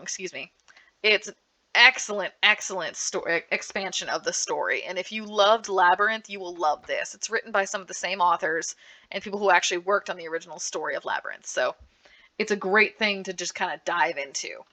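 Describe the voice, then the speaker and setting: A woman gives an upbeat panel talk recommending comics and manga. Her voice is bright and forward. She talks in a lively, animated way, often restarting her sentences. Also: fairly low pitch, a little fast. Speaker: librarian giving a book panel. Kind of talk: enthusiastic book recommendation talk.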